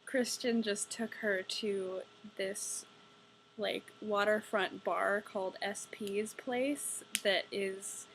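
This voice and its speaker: A woman's voice: mid-range voice, steady tone, takes it slowly, fairly bright tone, slight background noise, poor audio. A young woman giving a casual ranting book review, exasperated, sarcastic and profane. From United States.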